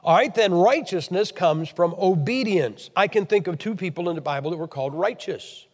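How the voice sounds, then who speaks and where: A man's voice: high voice, expressive, normal speed, in a large hall. An American man from Ohio preaching a blunt, emphatic, scolding sermon to a church meeting. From Ohio, USA.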